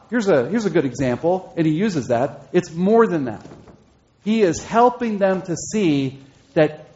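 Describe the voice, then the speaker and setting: A man preaching an expository sermon, slowing down and repeating key phrases for emphasis. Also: high-pitched, darkish tone. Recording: dull lo-fi sermon recording.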